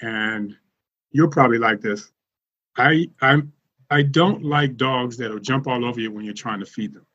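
A man telling animated stories as a podcast guest, laughing often as he goes. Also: medium pitch, measured pace, lo-fi sound. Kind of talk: casual storytelling.

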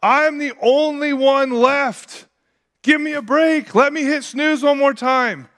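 A man voicing an overwhelmed prophet who complains to God in a shouted, self-pitying rant. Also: very high voice, slow pace, pitched above the performer's own voice, exaggerated voice. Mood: whiny, exasperated.

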